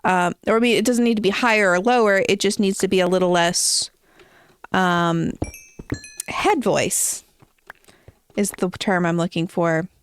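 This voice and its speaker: A woman's voice: fairly low pitch, fairly even intonation, measured pace, pauses often, smooth. A woman streaming a game from home, chatting casually and rambling as she answers her chat.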